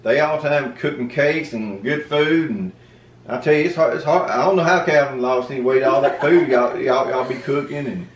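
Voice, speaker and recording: A man's voice: mid-range voice, moderate pace, a little hiss or hum. A man chatting casually to camera in a joking, playfully indignant way. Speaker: homestead vlogger. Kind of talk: casual family chat to camera. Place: home room. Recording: echoey room, mic at a distance.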